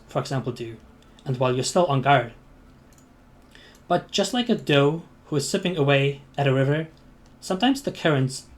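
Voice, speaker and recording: A man narrating a tabletop game as game master, hesitant and full of ums and restarts. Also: medium pitch.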